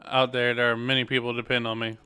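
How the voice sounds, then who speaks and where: A gentle young prince and devoted older brother, as a man reads him, soft and reassuring. The voice is bright and smooth, close to the reader's own. Faint music plays underneath. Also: mid-range voice, flat delivery, fast, close to an everyday voice.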